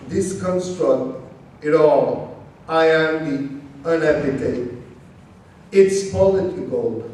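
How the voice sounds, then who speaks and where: A man giving a slow, measured poetry reading with long pauses, in a large church. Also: fairly high pitch, a little mellow, a little hiss or hum. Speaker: poet reading at an event. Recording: very echoey church hall, mic far off.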